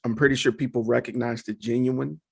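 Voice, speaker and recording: A man's voice: medium pitch, fairly even intonation, fairly quick, gravelly, slightly rough, dry recording. A man hosting a casual interview, talking in a laid-back, slangy, encouraging way. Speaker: podcast host.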